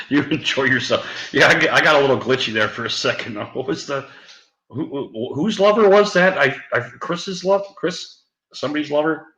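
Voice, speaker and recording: Male streamer, bright and chatty, loose and profane, prone to laughter, in a roomy space. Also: on the high side, normal speed. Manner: laughs often, swears freely, rambling. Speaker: live streamer. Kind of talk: casual live-stream chat.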